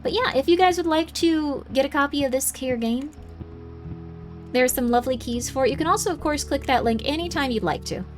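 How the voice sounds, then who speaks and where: A woman's voice: high-pitched, a little fast. A woman streamer giving casual live game commentary in a bubbly, goofy, self-deprecating way. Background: faint game music.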